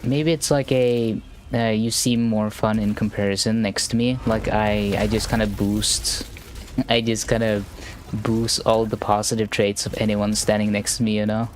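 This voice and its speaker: A man streaming a game live, chatting in a slow, monotone, rambling way with many restarts. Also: fairly low pitch, slight background noise. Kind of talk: casual live-stream chat while gaming.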